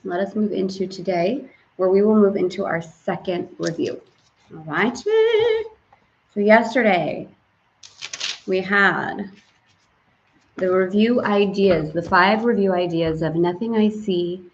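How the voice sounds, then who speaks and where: A middle-aged woman hosting a casual spiritual live stream, chatty and lively, sprinkling in French greetings. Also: lowish voice. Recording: slightly dull stream audio.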